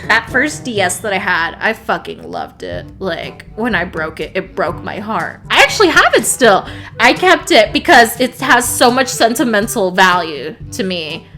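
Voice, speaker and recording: Bright-voiced young woman telling a profane story. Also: medium pitch, normal speed, soft background music. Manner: animated, profane, laughs often. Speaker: vlogger. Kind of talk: casual storytime vlog.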